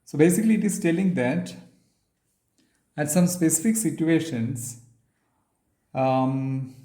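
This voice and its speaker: Slow, halting male physics lecturer. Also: a little high, expressive, dark tone, reverberant. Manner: halting, many fillers, restates as he writes. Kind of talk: physics lecture while writing on a board.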